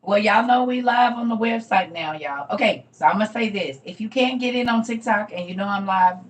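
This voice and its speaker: On a casual ministry livestream, a woman chats with her viewers and calls them "y'all." Her medium-pitched voice moves briskly, swinging from loud bursts to murmured asides.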